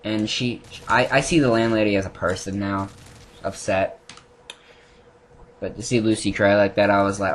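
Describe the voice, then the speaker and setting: A man's voice: fairly low pitch, normal speed, slight background noise. Rambling man recapping anime episodes. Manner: rambling, animated, many restarts and fillers. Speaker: anime reviewer. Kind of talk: casual spoken recap. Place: home room.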